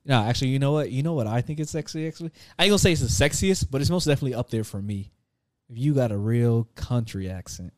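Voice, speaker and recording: A man's voice: medium pitch, expressive, fast, a little mellow, dry recording, studio quality. A young man co-hosting a podcast in casual chat, rambling and joking, often repeating himself. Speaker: podcast co-host.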